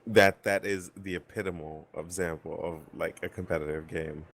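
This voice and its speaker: Deep-voiced opinionated man. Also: fairly even intonation, normal speed, fairly bright tone. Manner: opinionated, explaining. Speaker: panelist. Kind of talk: casual round-table chat.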